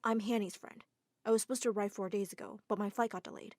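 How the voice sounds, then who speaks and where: A woman voicing a mysterious young man who speaks in a low, quiet, matter-of-fact way. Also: steady tone, quick pace, no echo, studio quality, close to an everyday voice. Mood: calm.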